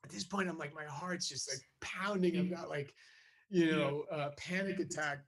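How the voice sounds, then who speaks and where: A man's voice: on the high side, normal speed, fairly bright tone. Rambling man telling an anecdote. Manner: rambling, full of fillers and restarts. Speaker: actor telling a story as a guest. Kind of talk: anecdote on a talk show.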